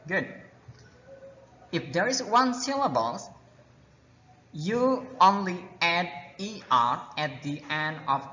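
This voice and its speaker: Man, English teacher, slow and patient, sharp bright tone, echoey hall, dull lo-fi recording. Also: on the high side, a little hiss or hum. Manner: repeats words, checks understanding with "okay?". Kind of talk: classroom grammar lesson.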